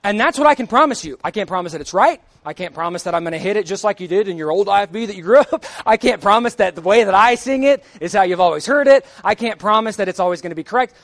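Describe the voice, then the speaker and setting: A young man, a church song leader, preaching a sermon in a plain conversational way that builds to emphatic, nearly shouted points. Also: high voice, lively intonation, fast, few pauses, dry recording. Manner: emphatic, rising to near-shouts; conversational, jokes with the congregation. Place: church sanctuary.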